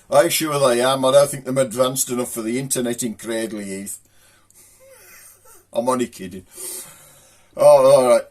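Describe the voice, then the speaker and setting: A man with a Black Country accent hosting a casual comic video, rambling through old local sayings and jokes. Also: medium pitch. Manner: rambling, folksy joke-telling.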